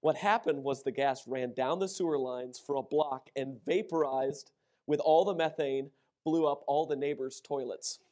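A middle-aged man preaching a sermon, telling funny personal stories with lively acted-out quotes. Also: mid-range voice, normal speed. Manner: animated storytelling, acts out shouted quotes. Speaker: pastor.

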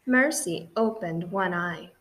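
A woman narrating a children's audiobook in a gentle, clear and expressive way. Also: lowish voice, takes it slowly.

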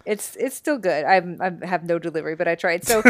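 A woman's voice: on the low side, brisk, slight background noise. A young woman co-hosting a casual podcast, laughing often and swearing freely. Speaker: podcast co-host. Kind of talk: casual chat.

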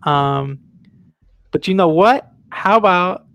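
A man voicing a smooth-talking male artist who gushes flattery at everyone he meets. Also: high-pitched, takes it slowly, no room sound, full character voice. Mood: flattering. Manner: gushing, flattering.

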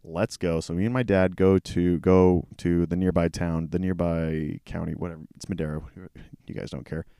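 A man hosting a casual solo podcast, tired and low on energy, rambling with lots of swearing and self-deprecating asides. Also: fairly even intonation, moderate pace, hardly any pauses, warm tone, clean tone, dry recording, studio quality. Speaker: podcast host. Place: small hot room at home. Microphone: camera mic.

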